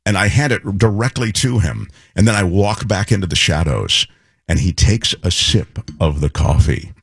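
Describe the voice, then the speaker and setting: A man co-hosting a show, telling a lively anecdote in casual chat and imitating people as he goes. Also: low voice, moderate pace, gravelly, breathy edge, no echo, clean studio sound. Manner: animated anecdote teller, imitates voices.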